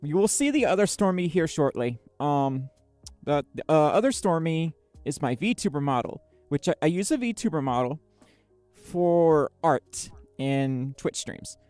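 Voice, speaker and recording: A woman's voice: low voice, expressive, unhurried, warm tone, dry recording, soft background music. A woman chatting casually on a livestream, bubbly and giggly, reading chat messages aloud with lots of fillers. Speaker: streamer.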